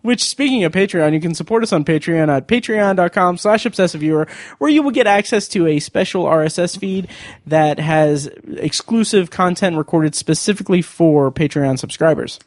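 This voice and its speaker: A man hosts a movie podcast in a high, light voice. He talks fast and casually and laughs often. The sound is dry and close, with no room around it. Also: expressive, no room sound. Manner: quick, chatty, laughs often. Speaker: podcast host.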